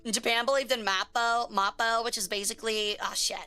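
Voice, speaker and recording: A woman's voice: a little high, steady tone, fairly quick, sharp tone, smooth. A woman streamer chatting casually on a live stream, slangy and joking as she reacts to chat, with faint music behind her.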